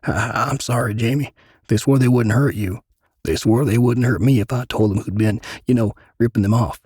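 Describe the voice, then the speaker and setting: A man's voice: deep voice, normal speed, breathy edge, no room sound, clean studio sound. A man voicing a big, guilty middle-aged man who stammers and pleads through tears in a dramatic story reading. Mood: pleading. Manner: stammering, tearful.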